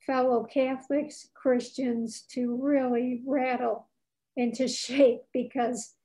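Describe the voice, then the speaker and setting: A woman's voice: high-pitched, flat delivery, slow pace, mellow, rough recording. A woman author as a podcast guest, telling stories with passion and indignation. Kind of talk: casual interview chat.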